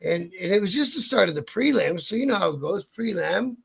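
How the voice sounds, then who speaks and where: A man tells a long, rambling story as an interview guest, cursing casually and tripping over his own sentences. His voice sits fairly high for a man and has a gravelly, husky edge. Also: animated, brisk, fairly bright tone. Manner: rambling, profane, restarts a lot.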